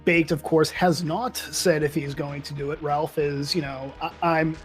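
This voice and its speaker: A man's voice: a little high, level tone, measured pace, faint music behind. A man in casual livestream chat, hesitant and full of ums, telling crude jokes.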